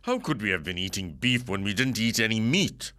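A man voicing a placid, dismissive middle-aged husband who answers his wife calmly and flatly. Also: fairly low pitch, a little fast. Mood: unbothered. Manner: calm, unbothered, flat.

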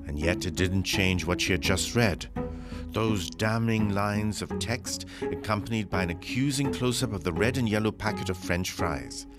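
A man narrating a story in a measured, expressive reading. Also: low-pitched, over loud music.

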